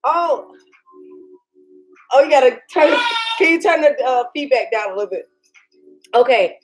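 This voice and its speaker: A woman hosting a casual live cooking demo from her home kitchen, chatty and excitable, laughing often and talking straight to her viewers. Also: sits high, a little fast, pauses often, faint music behind, rough recording. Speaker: cooking channel host.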